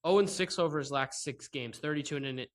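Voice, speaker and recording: A man with a higher-leaning voice talks briskly while hosting a solo sports podcast. He rants in sarcastic exasperation, laughing often, into a microphone paired with his laptop and camera.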